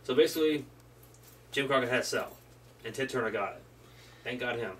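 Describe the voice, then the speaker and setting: A man's voice: mid-range voice, brisk. A man co-hosting a casual wrestling history chat, rambling loosely and swearing now and then. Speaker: podcast co-host. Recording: distant mic with faint room noise.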